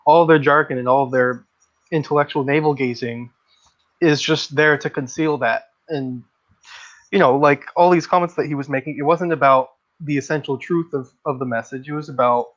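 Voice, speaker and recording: A man's voice: a little high, fairly even intonation, moderate pace, a bit bright, muffled recording. A man hosting a casual livestream discussion, speaking bluntly and with strong opinions as he reads out comments from the chat. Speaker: livestream host.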